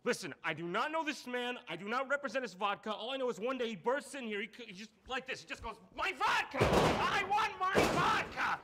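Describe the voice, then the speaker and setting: A man's voice: extremely high pitch, expressive, quick pace, hardly any pauses, background noise, pitched above the performer's own voice. A man voicing a panicky middle-aged liquor company rep who nervously stammers and pleads to get out of trouble. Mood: pleading.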